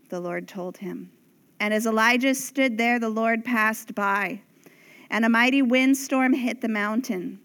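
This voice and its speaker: A woman preaching a sermon, speaking slowly and dramatically and sometimes dropping to a whisper for emphasis. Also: medium pitch, a bit bright.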